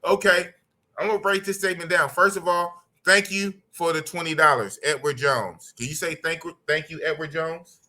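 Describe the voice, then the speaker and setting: A man's voice: a little high, fairly even intonation, moderate pace, pushed and bright. Blunt, slangy man hosting a podcast. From United States. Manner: blunt, slangy, repeats his points. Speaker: podcast host. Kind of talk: casual podcast talk reading live chat.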